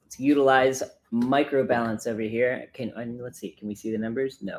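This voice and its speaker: A man's voice: mid-range voice, animated, normal speed. A man from the United States hosting a casual livestream, chatting and laughing while he brews coffee. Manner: chatty, self-deprecating, laughs often. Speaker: livestream host.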